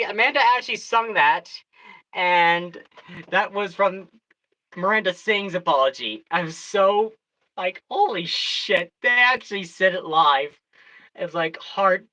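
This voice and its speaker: A storyteller chatting casually on a livestream, excitable and rambling, often restarting sentences. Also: mid-range voice, lo-fi sound.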